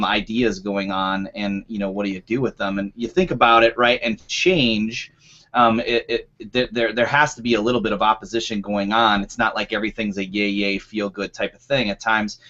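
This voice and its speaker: A man's voice: lowish voice, pushed and bright, highs cut off. A man hosting a video call panel loosely, with many ums and uhs. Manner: loose, filler-heavy. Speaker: panel host.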